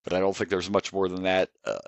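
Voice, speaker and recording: Deep-voiced man in relaxed chat. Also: fast, gravelly, no room sound. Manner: relaxed, rambling, chuckles often. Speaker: podcast co-host reviewing wrestling. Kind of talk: casual chat.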